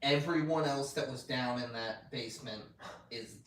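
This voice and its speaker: A man co-hosting a casual recap podcast, retelling scenes with lively acted-out quotes and frequent swearing. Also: medium pitch, normal speed. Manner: animated retelling, acts out quoted lines, swears often. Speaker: podcast co-host. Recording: roomy echo, mic at a distance, faint noise.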